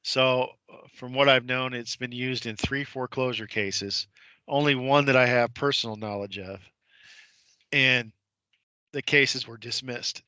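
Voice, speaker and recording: A man's voice: medium pitch, fairly even intonation, measured pace, sharp tone, clean tone, no echo. A man, a guest on a radio show, telling a story emphatically and imitating the voices of the people in it, with rhetorical questions and repeated points. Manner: retells courtroom scenes, imitating the judge's voice.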